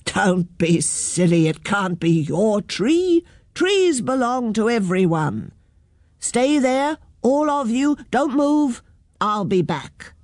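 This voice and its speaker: A woman reading a storybook aloud, voicing a bossy woman mayor in a loud, commanding way at a slow pace. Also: on the high side, very animated, no room sound, studio quality. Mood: firm.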